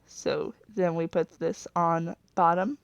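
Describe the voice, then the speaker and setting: A woman's voice: lowish voice, steady tone, slow, creaky, clear, resonant tone, dry recording, dull audio. A woman casually narrating as she designs a character, rambling, correcting herself and trailing off, sometimes apologetic. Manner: chatty and apologetic. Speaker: video creator.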